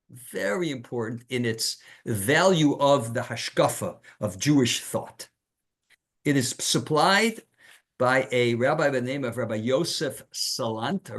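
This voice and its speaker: A male rabbi with a medium-pitched voice delivers a Torah lecture, animated and emphatic, posing rhetorical questions and sprinkling in Hebrew terms.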